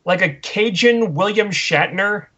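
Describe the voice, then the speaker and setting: Man, podcast co-host, slightly high voice, incredulous mocking rant, dull lo-fi recording. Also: a little slow, bright, forceful tone. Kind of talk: casual wrestling chat. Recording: dull lo-fi audio.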